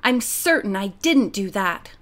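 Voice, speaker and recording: A woman's voice: mid-range voice, lively intonation, measured pace, fairly bright tone. A woman voicing an anxious, earnest teenage girl detective in an audiobook, speaking with urgency. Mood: worried.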